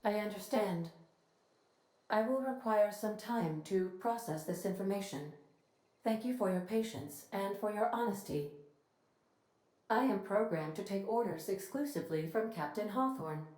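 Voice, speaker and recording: A woman voicing a polite, literal-minded female ship computer in a video game, speaking in a formal, precise, evenly measured way. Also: mid-range voice, expressive, darkish tone, close to an everyday voice. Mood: courteous. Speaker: ship's AI. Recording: echoey game audio with faint music.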